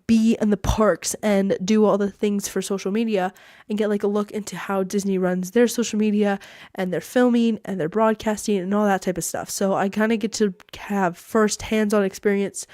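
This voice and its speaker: A woman's voice: mid-range voice, darkish tone, dry recording, studio quality. A teenage girl hosting a podcast, telling a story in a bubbly, chatty way and saying "like" a lot. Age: teens. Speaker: podcast host. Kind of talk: casual storytelling. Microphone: podcast mic that cuts out.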